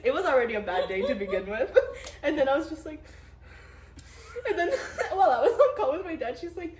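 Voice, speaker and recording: A woman's voice: high voice, expressive, fairly quick, a little mellow, reverberant, far from the mic. A young woman co-hosting a podcast, telling a story in casual chat and laughing often. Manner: giggly, storytelling with lots of laughter. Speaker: podcast co-host.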